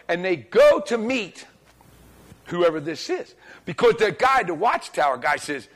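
Animated high-voiced male preacher. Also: unhurried. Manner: animated, colloquial storytelling that acts out dialogue. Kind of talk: sermon. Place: church, speaking before a congregation.

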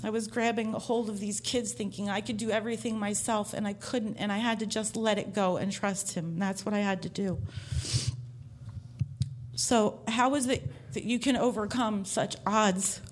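A woman's voice: mid-range voice, steady tone, moderate pace, a little hiss or hum. A woman giving a heartfelt personal faith testimony to a church congregation, telling her story earnestly from the stage.

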